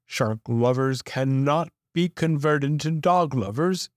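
A man reading a children's picture book aloud with expressive, playful emphasis. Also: medium pitch, a little slow, dry recording, clean studio sound. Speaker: storyteller.

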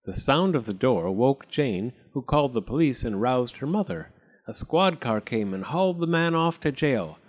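A lively man reading a storybook. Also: medium pitch, moderate pace. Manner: expressive, animated storytelling. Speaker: narrator.

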